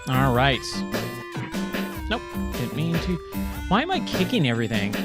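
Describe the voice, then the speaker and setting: A man's voice: medium pitch, sing-song, unhurried. Upbeat chatty man streaming a game. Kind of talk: casual let's-play commentary. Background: game music.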